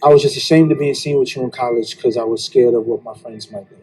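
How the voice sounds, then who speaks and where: A man's voice: mid-range voice, fairly even intonation, fast, mellow, breathy edge, lightly acted, rough recording. An actor playing a remorseful young man who earnestly confesses he still loved a woman from his college days, in a TV drama scene. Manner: earnest, pleading. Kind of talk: TV drama acting.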